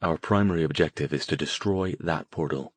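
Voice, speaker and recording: A man voicing a cold, dispassionate male mage who speaks flatly and without emotion. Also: rumbling low, fairly quick, no room sound. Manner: flat, clipped, emotionless.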